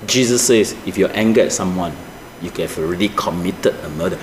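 A male pastor, preaching with animated swings from high emphatic peaks to low asides, asking the congregation rhetorical questions. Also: a little fast, a little hiss or hum. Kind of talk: sermon. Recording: echoey church room with faint ambience.

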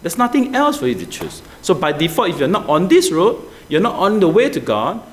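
A man's voice: high voice, brisk. A man preaching a sermon, constantly asking his congregation questions and urging online viewers to comment. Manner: animated, asks the congregation many questions.

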